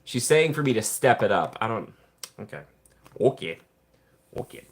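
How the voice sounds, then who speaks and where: A man's voice: mid-range voice, expressive, moderate pace. A man hosting a casual livestream, rambling and joking while he reads viewer chat. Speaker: livestream host.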